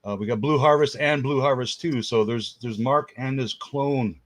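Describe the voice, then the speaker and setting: A man's voice: medium pitch, normal speed, no echo. Upbeat Canadian man hosting a livestream. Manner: upbeat, reads out chat names. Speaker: host. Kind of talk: casual livestream chat.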